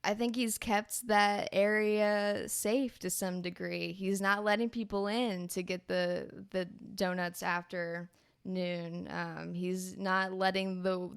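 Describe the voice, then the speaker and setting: Casting: woman, smooth but gravelly tone, casual guest, dry close mic. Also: medium pitch, fairly even intonation, slow, no room sound. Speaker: podcast guest and player. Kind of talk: casual chat.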